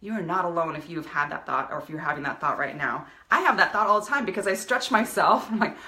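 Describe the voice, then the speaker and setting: A woman's voice: on the low side, expressive, fast, few pauses, sharp tone, roomy sound. A woman giving a passionate motivational talk on a live video stream, speaking as a coach to her viewers. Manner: passionate, fired-up motivational delivery. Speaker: business coach.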